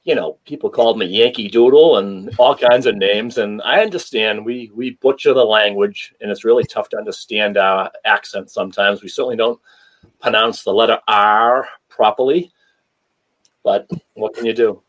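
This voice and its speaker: Boston-accented man, relaxed guest. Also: lowish voice, normal speed. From New England. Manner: relaxed storyteller with many um fillers. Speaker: guest, former hockey player. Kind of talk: podcast interview.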